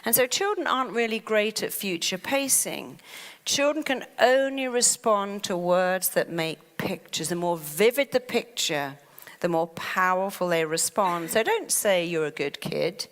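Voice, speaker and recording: Woman, therapist, motivational talk, animated, echoing hall, mid pitch. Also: measured pace. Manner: animated, acts out panicky inner voices.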